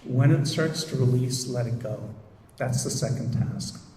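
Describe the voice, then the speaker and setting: A man who leads meditation groups, giving a gentle, reflective talk with many pauses and fillers. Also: mid-range voice, gravelly. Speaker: meditation group leader and therapist. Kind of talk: recorded presentation. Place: lecture room. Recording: echoey hall, distant mic.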